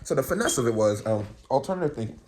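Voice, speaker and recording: Animated young man ranting. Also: medium pitch, quick pace, slight background noise. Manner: animated, profane, rambling storyteller. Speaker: vlogger. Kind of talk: casual rambling rant to camera.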